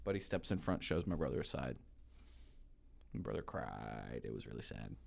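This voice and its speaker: A man in his forties co-hosting a casual studio chat on a radio show, easygoing and quick to laugh while teasing his co-host. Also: very deep voice, very animated, creaky. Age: 40s.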